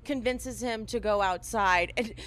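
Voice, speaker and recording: A woman's voice: medium pitch, a little slow, a bit bright. A woman casually recapping a reality show on a podcast, telling it as a story and acting out the quotes, with lots of "like". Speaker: podcast co-host.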